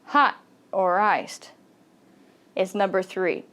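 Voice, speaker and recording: Woman, English teacher; slow and deliberate, modeling phrases, frequent "okay?" check-ins. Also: mid-range voice, steady tone, a bit bright. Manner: repeats phrases, checks in with "okay?", laughs often.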